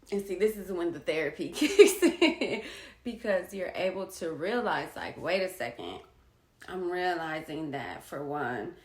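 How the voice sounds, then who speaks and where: Candid emotional woman, slow and lively. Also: fairly low pitch, reverberant. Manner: emotional, blunt, swears freely. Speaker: vlogger. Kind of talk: candid personal monologue.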